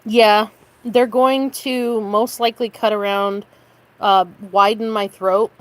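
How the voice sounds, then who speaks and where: A woman chatting casually on a late-night stream from her bedroom, often coughing and clearing her throat. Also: steady tone, slow pace, no room sound. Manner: high baby-talk voice to her cat.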